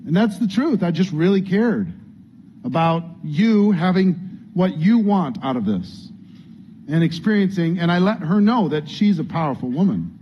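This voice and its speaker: Through a dull, lo-fi recording with faint room ambience and a touch of hiss or hum, a high-voiced man coaches a business training group. He is earnest and chatty, role-playing the lines people might say.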